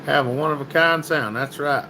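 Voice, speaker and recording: A man's voice: a little high, normal speed, noisy background. A man hosting a casual livestream, reading viewer comments and greeting people by name in a folksy, chatty way. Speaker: livestream host.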